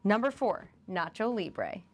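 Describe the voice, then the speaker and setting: A woman's voice: mid-range voice, big pitch swings, a little slow. A young woman co-hosting a podcast in casual chat, laughing often and acting out movie quotes. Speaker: podcast co-host.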